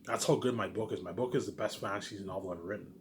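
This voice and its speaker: A man's voice: lowish voice, rapid-fire, slight background noise. A man vlogging from home in a rambling, boastful monologue, often repeating himself and restarting. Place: home, noise upstairs.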